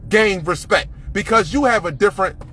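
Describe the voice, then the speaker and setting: A man's voice: high-pitched, normal speed, bright, forceful tone. A man ranting to camera, profane and confrontational, repeating himself.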